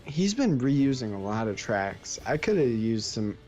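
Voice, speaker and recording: A young man in a casual conversation, his voice sitting at an ordinary middle pitch. He talks with earnest enthusiasm, and faint music plays behind him. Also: very animated, a little slow, darkish tone, highs cut off. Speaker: guest youtuber. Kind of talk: casual chat.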